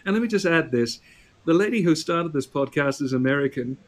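A man's voice: fairly high pitch, animated, fairly quick. A man from South Africa co-hosting a podcast, enthusiastic and emphatic, with a radio presenter's delivery. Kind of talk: casual chat.

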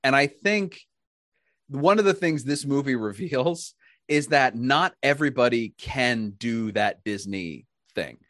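Lively, laughing American podcast host. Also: mid-range voice, unhurried, no room sound, studio quality. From United States. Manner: animated, laughs often, trails off and restarts. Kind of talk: casual chat.

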